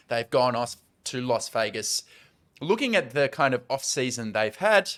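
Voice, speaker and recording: An Australian man hosting a sports podcast, talking through teams in a chatty, analytical way. His voice sits at an ordinary middle pitch. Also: fairly bright tone. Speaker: podcast host.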